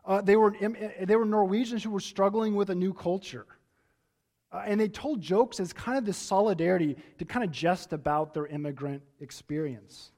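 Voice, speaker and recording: A male pastor delivers a sermon in a church, with a noticeably high-pitched voice. He tells his stories conversationally, often restarting his sentences as he goes. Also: normal speed, darkish tone.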